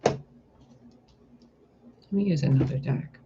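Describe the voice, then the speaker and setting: A man giving a spiritual tarot reading, talking in a gentle, reflective way and asking rhetorical questions. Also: medium pitch, slow, muffled recording, slight background noise. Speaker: tarot reader.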